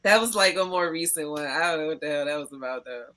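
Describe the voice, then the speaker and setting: A woman guest on a podcast, chatting casually and telling animated stories, swearing freely and laughing often. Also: low-pitched, fast. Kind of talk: casual chat.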